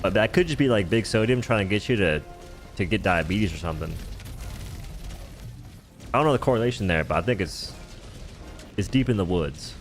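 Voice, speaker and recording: A man's voice: lowish voice, animated, fairly quick, pauses often, soft background music. A man streaming a game live, rambling and joking in casual chatter as he answers viewers' chat.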